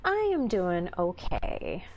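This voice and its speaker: Woman, stream host, Southern twang, worn out, easy laughter, lowish voice, soft music behind. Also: huge pitch swings, slow pace, muffled recording. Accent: rural American Southern. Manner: laughs often, chatty and easygoing. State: tired. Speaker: livestream host. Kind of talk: casual chat reading viewer comments.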